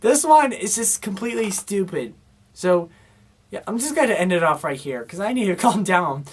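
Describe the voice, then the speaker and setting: A woman's voice: medium pitch, animated, normal speed, breathy edge. A woman giving a casual, exasperated movie review, rambling and full of fillers as she complains. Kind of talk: casual film review rant.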